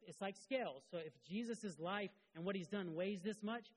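A middle-aged man giving a sermon as a pastor, earnest, moving between loud emphasis and quiet confession. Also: high-pitched, normal speed, slightly rough, poor audio.

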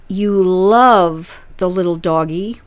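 A woman's voice: lowish voice, slow pace, clean tone. A woman hosting as a relationship coach, advising a listener emphatically and explaining through analogies.

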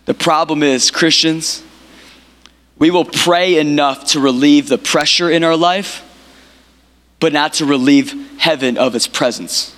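A man's voice: on the high side, unhurried, pauses often, a bit bright. A male pastor preaching a sermon, building up through emphatic repeated phrases and calling on the congregation to respond. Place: church. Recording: hall reverb.

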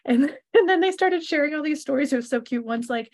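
A woman's voice: sits high, expressive, fairly quick, hardly any pauses, darkish tone. A woman co-hosting a podcast in casual chat, telling stories in an upbeat way and laughing often. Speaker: podcast co-host.

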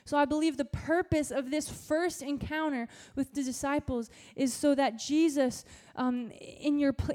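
A young woman youth pastor giving a sermon, telling a story in animated, casual slang. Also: sits high.

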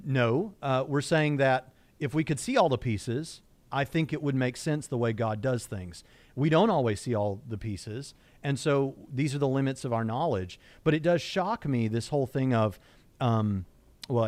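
A middle-aged man from Southwest Indiana speaks, in a dry, close recording. He co-hosts a casual discussion at a medium pitch and gets animated when he quotes others. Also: normal speed, no room sound. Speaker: co-host.

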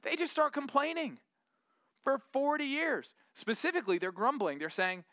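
A man's voice: extremely high pitch, animated, moderate pace, sharp tone, no echo, clean studio sound. A man preaching a sermon earnestly and animatedly, acting out the voices of doubters as he goes.

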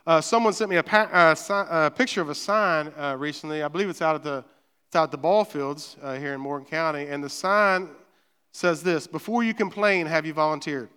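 A man preaches a sermon, his high voice smooth and resonant. He talks conversationally, repeating words and checking in with the room. A long church-hall reverb trails behind him. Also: fairly quick, bright, forceful tone. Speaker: pastor. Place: church sanctuary.

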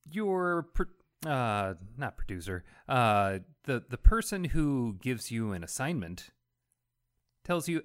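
Casual co-host, slow and halting, animated pitch swings. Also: male voice, clean tone. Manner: halting, restarts, laughs often. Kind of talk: casual chat about comics.

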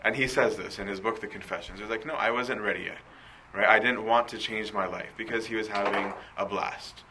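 A man delivers a sermon in a chatty, questioning way, often checking in with his listeners. His voice is low-pitched but bright and pressing. A faint ambient hum sits behind him. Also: steady tone, fairly quick, rough recording. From Coptic Christian community. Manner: conversational, rhetorical questions, frequent "right?". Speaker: preacher.

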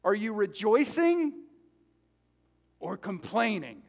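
High-pitched guy preaching, chatty and animated, echoey church hall. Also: slow pace. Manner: animated, conversational, jokes with congregation. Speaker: pastor. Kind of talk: sermon. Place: church sanctuary. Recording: reverberant hall.

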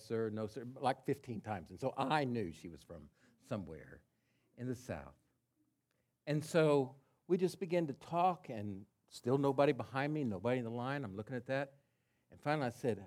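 Male pastor, sermon delivery, conversational, mid-pitched voice. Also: expressive, fairly quick. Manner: conversational storytelling with quiet asides.

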